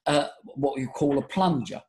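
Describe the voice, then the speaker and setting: A man talking as a voice coach guest in a podcast interview, leading a breathing exercise in a theatrical, animated way. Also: normal speed, a little hiss or hum. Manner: animated, theatrical, jumps high for emphasis.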